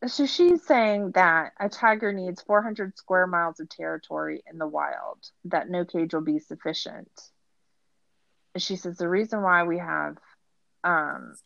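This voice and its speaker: A woman's voice: fairly low pitch, gravelly, a bit bright, no echo, highs cut off. A woman hosting a podcast, recapping a show in a sarcastic, rambling casual chat with lots of filler words. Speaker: podcast host.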